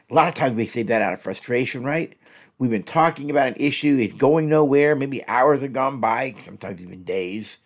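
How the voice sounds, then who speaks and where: A man's voice: medium pitch, lively intonation, a little fast, creaky. A man hosting an instructional podcast, talking straight to his listeners as folks and repeating each example phrase twice. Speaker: podcast host and relationship coach.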